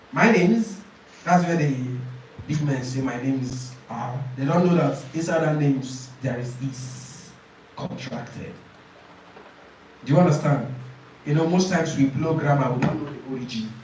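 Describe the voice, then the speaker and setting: A male IELTS speaking coach teaches a class. His voice sits slightly high and reaches the mic from a distance. It rings through a very echoey room while he models answers and checks whether students follow. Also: darkish tone, slight background noise. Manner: repeats phrases, asks "Do you understand?".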